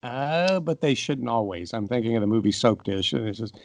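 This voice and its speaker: A middle-aged man argues his view of a movie on a podcast, making his case with examples at a middle pitch. His voice sounds dry and close to the mic. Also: expressive, moderate pace, gravelly, no room sound. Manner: opinionated, makes points with examples. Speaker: podcast co-host. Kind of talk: casual movie discussion.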